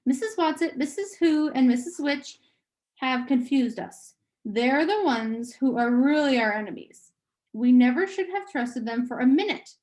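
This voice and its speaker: A small boy under some other mind's control, bland and reasonable, coaxing slowly in a higher voice, as a woman reads him aloud. He never loses his calm.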